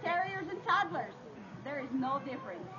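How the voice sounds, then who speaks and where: A woman's voice: high-pitched, sing-song, normal speed. A woman performing a live dog show outdoors at a faire, playful and theatrical as she addresses the crowd. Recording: dull lo-fi sound with noise.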